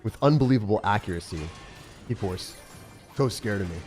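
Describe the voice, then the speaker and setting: A man's voice: fairly low pitch, expressive, quick pace, darkish tone, soft background music. A young man streaming a game live, joking at his own expense and answering chat. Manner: self-mocking, jokey, reads and answers chat.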